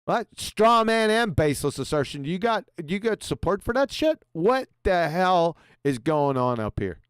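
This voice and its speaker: A man's voice: high voice, sing-song, moderate pace, clean tone, no echo, clean studio sound. A man hosting a show, mocking a video in abrasive, profane commentary. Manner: sarcastic, abrasive, swears a lot. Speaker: show host reacting to a video.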